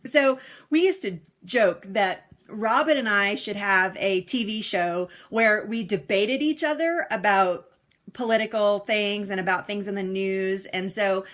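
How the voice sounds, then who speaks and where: A woman's voice: medium pitch, a bit bright. A woman hosting a casual live stream from home, chatting with viewers, reading their comments and laughing often, on a phone microphone. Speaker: livestream host. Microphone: phone or device mic, no external microphone.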